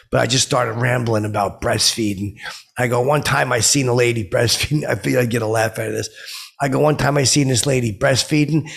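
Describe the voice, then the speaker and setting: A man's voice: medium pitch, gravelly, a bit bright, slightly rough. A man playing an oblivious, boastful washed-up stand-up comedian who rambles self-importantly with lots of filler. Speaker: podcast host. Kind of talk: improvised comedic monologue.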